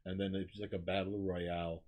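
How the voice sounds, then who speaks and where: Sarcastic low-voiced man chatting on a podcast. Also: little pitch movement, normal speed, a little mellow. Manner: sarcastic, piling clauses with "and then". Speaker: podcast co-host. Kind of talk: casual chat.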